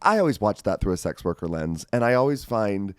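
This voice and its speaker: A man's voice: on the low side, big pitch swings, fairly quick, clear, resonant tone, no echo, clean studio sound. A man appearing as a guest on a podcast, talking in an enthusiastic, rambling way. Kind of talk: casual chat.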